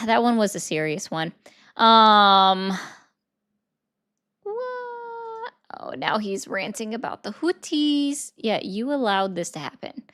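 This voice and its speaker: A woman's voice: medium pitch, expressive, a little slow, fairly bright tone. A woman in the middle of a political livestream, chatting loosely with her viewers and answering their comments. She talks in a sarcastic, offhand way, dropping dry jabs as she reacts to the chat.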